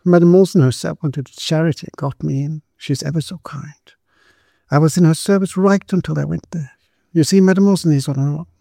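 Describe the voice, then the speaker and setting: A man reading a story, voicing a poor, timid young woman who stammers and pleads in a shrill, lisping voice. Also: fairly quick, creaky, warm tone, dry recording, studio quality. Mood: explaining.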